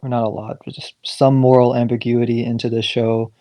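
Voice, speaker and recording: A young man co-hosting a podcast, chatting casually in a measured way with some stumbling restarts. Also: medium pitch, level tone, dark tone, dry recording. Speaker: podcast co-host. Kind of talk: casual chat.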